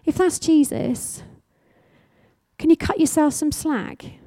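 A woman preacher delivering a sermon, her voice a little higher than most and mellow in tone. She speaks with fervent, emphatic exhortation, hammering home repeated phrases. The sound is dry and close. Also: slow pace, no echo.

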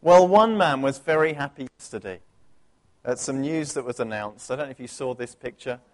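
A man's voice: medium pitch, moderate pace. A man from England preaching a sermon in a chatty way, asking the congregation questions.

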